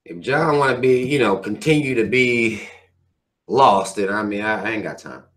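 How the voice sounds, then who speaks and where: A man's voice: fairly low pitch, expressive, normal speed, a bit bright. A man hosting his own channel, reading viewer comments and ranting in a heated, profane, preachy way. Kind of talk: casual rant to viewers.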